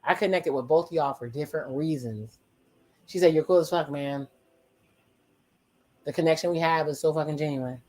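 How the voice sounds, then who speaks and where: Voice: mid-range voice, darkish tone. Profane, wry watch-along commentator. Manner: profane, retells dialogue in quick quoted voices; wry asides and exclamations. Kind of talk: casual reaction commentary.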